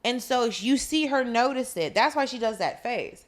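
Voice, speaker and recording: A woman's voice: fairly high pitch, expressive, moderate pace. Chatty woman podcast co-host. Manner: chatty, adds details and quotes characters. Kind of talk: casual chat recapping a drama.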